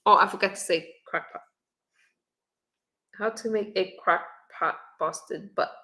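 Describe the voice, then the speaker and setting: A middle-aged woman hosting a casual livestream, chatting in a relaxed way and reading viewer comments and recipes aloud. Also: medium pitch, unhurried. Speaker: livestream host. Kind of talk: casual live-stream chat. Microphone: webcam or phone on camera.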